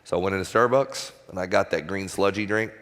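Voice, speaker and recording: A man in his forties, a former baseball pitcher, sharing a candid, self-deprecating personal story as a guest speaker at a church. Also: quick pace, fairly bright tone, big-room sound. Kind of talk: personal testimony talk in church. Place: church auditorium stage.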